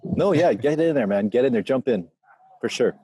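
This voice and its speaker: A man's voice: medium pitch, expressive, normal speed, warm tone, breathy edge. A man co-hosting a casual video chat, laid-back and joking with plenty of slang. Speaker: co-host.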